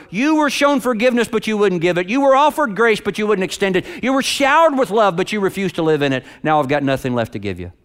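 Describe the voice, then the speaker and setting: A stern old boss delivers a reproachful telling-off, his voice pitched high and ringing clear, climbing to loud emphatic peaks, played by a man preaching. The tone is smooth and resonant throughout. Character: stern old male company boss rebuking.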